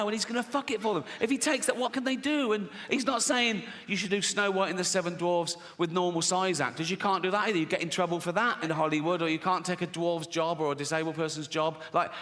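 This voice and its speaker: A man's voice: high-pitched, brisk, hardly any pauses, a bit bright. A British man doing stand-up comedy, brash and profane, often chuckling at his own jokes. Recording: long hall reverb, faint noise.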